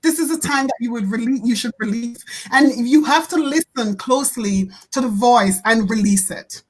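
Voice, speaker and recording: A woman hosting an online talk show, speaking earnestly and warmly, repeating words and laughing often. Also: a little high, moderate pace, slightly rough, low-quality recording. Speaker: host.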